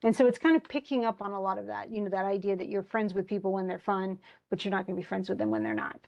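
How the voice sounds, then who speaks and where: A woman giving a lively classroom lecture, acting out characters' lines as she explains them. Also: medium pitch, quick pace, vocal fry, muffled recording. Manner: animated, acts out characters' lines in quotes. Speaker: literature lecturer.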